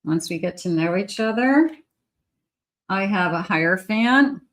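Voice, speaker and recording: A woman doing a casual tarot reading, speaking slowly and thoughtfully. She thinks aloud as she pulls cards, now and then addressing spirit directly. Her voice sits at an ordinary middle pitch. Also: animated. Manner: unhurried, musing aloud, talking to spirit. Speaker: psychic tarot reader.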